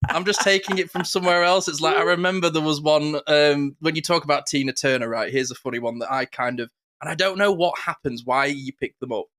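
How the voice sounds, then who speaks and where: A man co-hosting a podcast, chatting casually in a playful, animated way and laughing often. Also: a little high, brisk, few pauses. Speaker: podcast co-host and interviewer. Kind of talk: casual chat.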